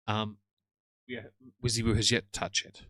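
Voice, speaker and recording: A man's voice: fairly low pitch, level tone, moderate pace, bright, forceful tone, no echo. A man hosting a live stream, chatting casually with viewers and teasing the video he is watching. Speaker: livestream host reacting to a video.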